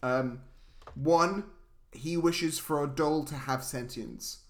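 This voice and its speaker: Male podcast co-host, high voice, deadpan comic ranter. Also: slow. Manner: deadpan mock-serious ranting. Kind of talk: comedic film review chat.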